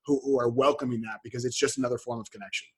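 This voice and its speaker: A man's voice: mid-range voice, fairly even intonation, very fast. A man speaking earnestly as a podcast guest in casual conversation, with frequent restarts. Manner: earnest, full of restarts and fillers.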